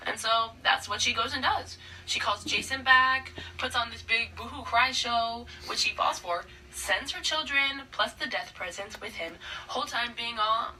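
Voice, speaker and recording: A young woman retells a play as a casual, sarcastic comedy bit, full of slang and asides. Her voice is bright and a little high. She sounds set back from the mic with a faint hiss behind her. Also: moderate pace, distant mic. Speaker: student summarizing a play.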